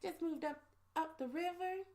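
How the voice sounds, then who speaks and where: A woman doing a chirpy Southern US woman who has just moved north. Her voice lifts higher than usual, and the accent drawls. She is improvised and tentative. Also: normal speed, very noisy. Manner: hesitant, tries it on the spot.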